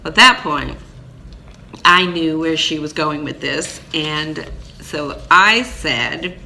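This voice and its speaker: A woman from Maine telling a personal story as a vlogger, in an animated, chatty way with fillers and restarts. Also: deep voice, slow pace, creaky, a little hiss or hum. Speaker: vlogger, single parent.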